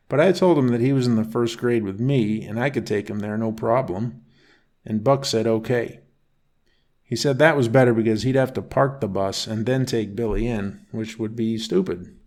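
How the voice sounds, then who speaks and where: A man narrating a first-person bedtime story in a calm, unhurried reading voice. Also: lowish voice.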